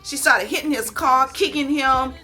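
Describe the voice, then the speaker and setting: Animated, folksy woman vlogger. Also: high-pitched, moderate pace. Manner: animated, folksy, calls listeners honey and baby. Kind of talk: casual storytelling.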